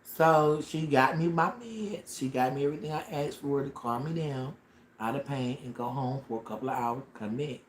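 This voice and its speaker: A man livestreaming a dramatic personal story, animated and slangy, tossing in sound effects as he goes. He sits at an ordinary middle pitch in a roomy, echoing space with faint background ambience. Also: normal speed, slight background noise.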